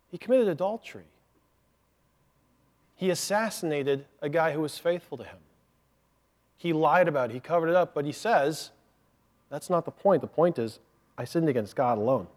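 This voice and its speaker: A man's voice: a little high, moderate pace, long pauses, a little mellow. A man preaching a sermon as pastor, earnestly explaining a point step by step with asides.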